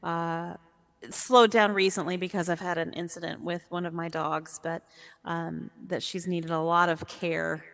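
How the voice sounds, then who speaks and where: A woman speaking as an interview guest in casual chat, warm and animated and quick to laugh. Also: on the low side, gravelly. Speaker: guest, VR sport caster. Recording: long echoey reverb.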